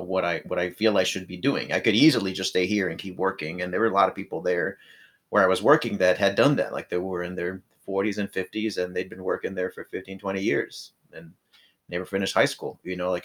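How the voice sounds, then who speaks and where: A man from Illinois telling his own story as an interview guest, in a reflective and meandering way. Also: sits low. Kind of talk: casual personal storytelling.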